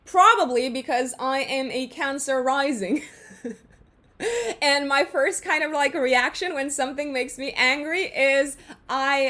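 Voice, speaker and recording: A woman's voice: sits high, fairly bright tone. A young adult woman talking casually to viewers as an astrologer, chatty and full of fillers and restarts. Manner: chatty, frequent fillers and restarts, laughs at herself.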